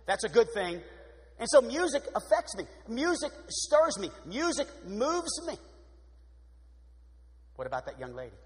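Male preacher with a high voice and an animated sermon delivery, recorded with a long hall reverb. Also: measured pace, long pauses. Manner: animated, shifts from loud exclamations to hushed prayer voice. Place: church sanctuary. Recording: long echo of a large hall.

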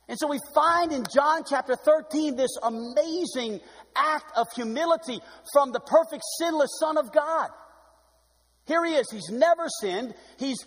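A male pastor preaches to his congregation with a high, ringing voice. He swings from loud, emphatic calls to soft, hushed passages. The long reverb of a church sanctuary trails after his words. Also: husky. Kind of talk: sermon.

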